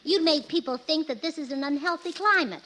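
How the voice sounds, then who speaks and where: A woman's voice: sits high, a little fast, sharp tone, poor audio. A woman doing 1940s radio comedy, giggly and scatterbrained, on an old broadcast with faint hiss.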